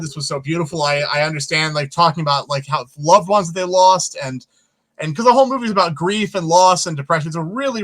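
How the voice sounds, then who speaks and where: A man who is a filmmaker guest, telling stories in an interview in an animated way and swearing casually. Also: fairly high pitch. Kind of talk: storytelling in an interview.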